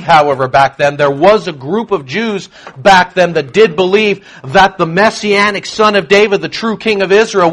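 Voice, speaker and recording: Guy preaching a sermon, pretty high voice, gets loud and punchy then drops low. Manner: emphatic, shifts from low asides to loud proclamation. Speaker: pastor.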